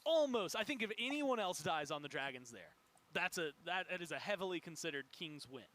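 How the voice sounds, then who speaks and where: A man casting an esports match live, giving fast analytical commentary. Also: fairly high pitch, animated, fairly bright tone. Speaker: esports caster.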